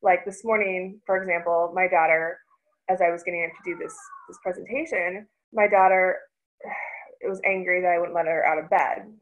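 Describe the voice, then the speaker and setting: A woman in her thirties presenting a parenting workshop in an informal way, often pausing to search for words and restarting her sentences. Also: lowish voice, steady tone, phone-quality sound.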